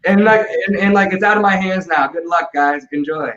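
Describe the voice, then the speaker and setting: A man with a fairly high voice who rambles and swears as he co-hosts a casual livestream. He talks excitably, jumping from thought to thought. His voice comes through dull, lo-fi stream audio in a roomy space. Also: fairly quick. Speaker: livestream co-host.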